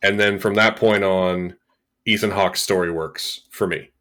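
A man co-hosting a podcast, chatting casually about a film, animated and quick to act out reactions. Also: low-pitched. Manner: animated, laughing, acts out reactions. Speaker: podcast co-host. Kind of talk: casual film review chat.

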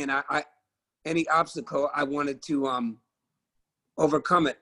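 A man's voice: fairly high pitch, steady tone, normal speed, pushed and bright. A middle-aged man, a musician guest on a video call, talking with passion and emphasis and swearing freely. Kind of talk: candid conversational interview.

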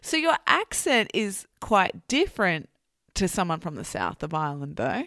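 A woman hosting a podcast, explaining words in a clear, teacherly way before an interview. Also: lowish voice, very animated, normal speed, fairly bright tone, no room sound, studio quality. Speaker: podcast host. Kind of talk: podcast intro and vocabulary lesson.

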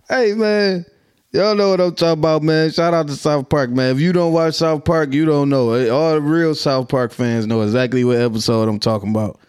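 Fairly high and smooth, a bit mellow, this Minnesota man's voice stays fairly even in intonation at normal speed. He's a vlogger giving casual news commentary to viewers, laughing a lot and speaking loose, slangy street talk.

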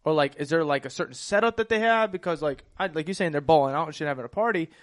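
A man co-hosting a podcast, telling crude stories in loud, swearing, animated casual banter, and coughing. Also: a little high, quick pace. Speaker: podcast co-host.

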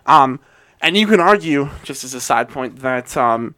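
A man's voice: medium pitch, expressive, measured pace, bright, forceful tone, no room sound. A young man co-hosting a podcast, explaining at length with many fillers and wry remarks. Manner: rambling, hedging with fillers, wry. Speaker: podcast co-host. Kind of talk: casual podcast banter.

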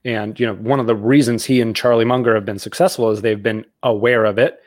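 A man's voice: fairly low pitch, fairly even intonation, quick pace, dry recording, studio quality. A man who is the author being interviewed, making emphatic points and repeating key lines for stress. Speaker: author and guest. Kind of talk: casual interview chat.

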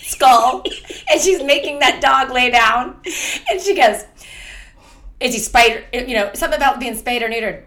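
A woman telling a story in casual chat, emphatic and fast, laughing often. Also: high-pitched, a bit bright.

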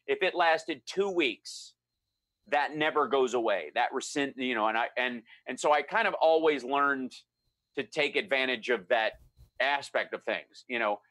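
A middle-aged man telling a story in a relaxed chat, animated and acting out the voices of the people he quotes. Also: mid-range voice, no room sound. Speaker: guest storyteller.

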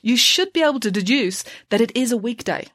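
A woman reading aloud, voicing a clever, deadpan teenage girl who speaks precisely and matter-of-factly. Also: fairly high pitch, fairly quick, no echo, pitched above the performer's own voice. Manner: precise, dry, matter-of-fact.

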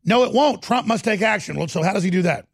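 A man's voice: sits high, expressive, fast talker, creaky, husky, no echo, studio quality. A man hosting a talk show, combative and cutting in often. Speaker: host.

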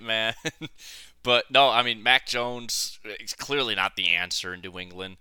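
A man's voice: on the low side, steady tone, a little slow, pushed and bright, smooth, dry recording. A man co-hosting a casual sports podcast, blunt and a little profane, his sentences full of fillers and restarts. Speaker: podcast co-host.

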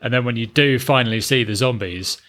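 A man's voice: medium pitch, fairly quick, fairly bright tone. A man co-hosting a casual chat, blunt and sarcastic, swearing freely. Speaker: podcast co-host.

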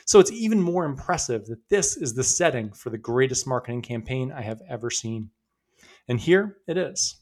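A man with a medium-pitched, expressive and slightly mellow voice speaks at a moderate pace. As a podcast host, he tells stories in a conversational, upbeat style during scripted narration.

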